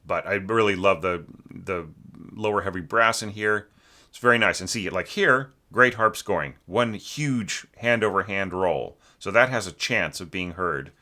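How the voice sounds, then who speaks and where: A deep-voiced man gives a relaxed spoken critique of an orchestration score, leaning on fillers as he thinks aloud. His tone is bright and forceful, and he breaks into sung phrases to make his points. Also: a little slow. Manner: sings musical phrases to illustrate, many fillers. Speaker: orchestration teacher reviewing a student score.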